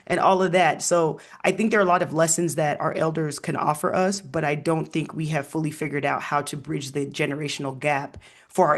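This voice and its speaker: Animated male historian, slightly high voice. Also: creaky. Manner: animated storyteller with frequent ums and laughs. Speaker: historian guest. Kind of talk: casual interview conversation.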